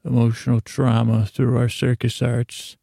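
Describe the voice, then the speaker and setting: A man's voice: mid-range voice, level tone, a little slow, vocal fry, warm tone, no room sound, clean studio sound. Man telling as an eager circus dreamer.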